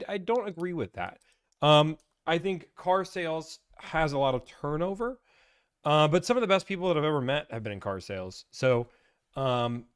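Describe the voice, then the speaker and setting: A young man hosting a casual livestream, talking in an energetic, rambling and playful way. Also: a little high, smooth. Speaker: livestream host and car deal negotiator.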